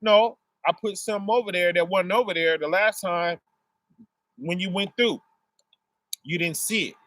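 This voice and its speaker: A man's voice: high-pitched, normal speed, fairly bright tone. A man giving a casual sermon, explaining through everyday family examples and asking "right?" after nearly every phrase. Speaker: preacher.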